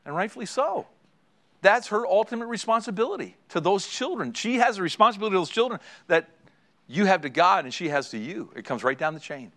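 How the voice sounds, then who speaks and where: Male pastor, middle-aged, somewhat high voice, chatty sermon storyteller who talks to the pews. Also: animated, fairly quick, sharp tone. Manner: storytelling, addresses the congregation directly, laughs at own stories. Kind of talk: sermon to married couples.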